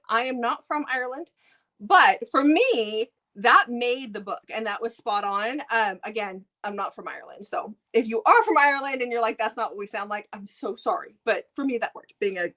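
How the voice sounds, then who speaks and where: An American woman talks about audiobooks in a casual, enthusiastic way, with lots of "um"s and restarts. Her voice sits a little high and sounds very bright and forward. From United States. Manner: enthusiastic, chatty with fillers. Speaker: book reviewer co-host. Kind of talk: casual chat. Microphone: live stream mic.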